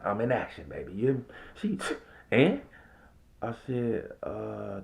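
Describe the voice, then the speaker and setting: A man who works as a restaurant server, telling a story in a casual vlog, swinging between loud and hushed and acting out the quotes. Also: on the low side, sing-song, slow pace, creaky, long pauses.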